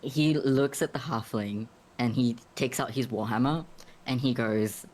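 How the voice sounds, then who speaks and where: A man's voice: medium pitch, a little slow, slight background noise. A man playing a tabletop game, describing his actions in a rambling, giggly way with self-corrections. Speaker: player.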